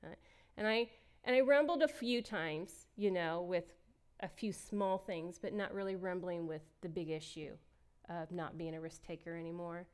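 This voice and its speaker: A woman's voice: fairly low pitch, moderate pace, few pauses, darkish tone, clean tone. A middle-aged woman giving a candid, emotional personal testimony as a church speaker, laughing often as she talks.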